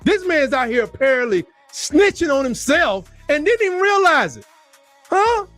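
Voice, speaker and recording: A man hosting a sports talk show, delivering a heated, animated rant with lots of repeated emphasis. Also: very high voice, normal speed, faint music behind. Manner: fired-up, animated, repetitive emphasis.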